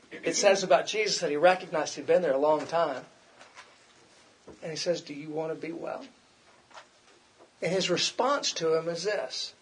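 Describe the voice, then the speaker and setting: A man's voice: on the high side, slight background noise. A middle-aged man preaching a conversational sermon, repeating himself and acting out quoted complaints.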